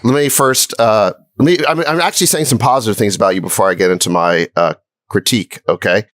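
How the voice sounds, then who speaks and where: A man's voice: lowish voice, fast talker, a bit bright, no room sound. Dry-voiced mocking man co-host. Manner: mocking, needling. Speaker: podcast co-host. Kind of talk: podcast argument.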